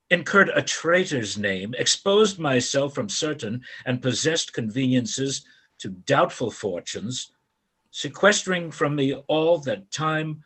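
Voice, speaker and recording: A man reading the part of an aging male priest who defected from his city, in measured, formal verse over a video call. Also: mid-range voice, a bit bright, breathy edge, heavily acted.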